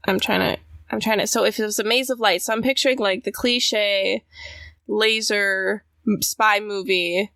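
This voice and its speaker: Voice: medium pitch, fairly even intonation, creaky, bright, forceful tone, no room sound. A podcast co-host making joking remarks in casual banter. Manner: joking interjections, quick laughs.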